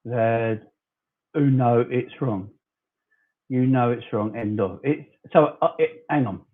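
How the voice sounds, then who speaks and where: Running a fan channel livestream, this southern English man in his forties speaks slowly in a mid-range voice. His chat is loose and casual, and he pushes back at commenters he addresses as "fella"; the audio sounds tinny, like a phone.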